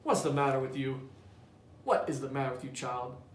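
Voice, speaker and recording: A man reading aloud and voicing a brisk, worried older aunt. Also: mid-range voice, lightly acted. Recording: echoey room, distant mic, faint hiss.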